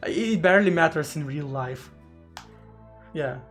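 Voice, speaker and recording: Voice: medium pitch, measured pace, a bit bright. A streamer chatting casually during a live coding session, rambling with stammered restarts and casual swearing, faint music behind.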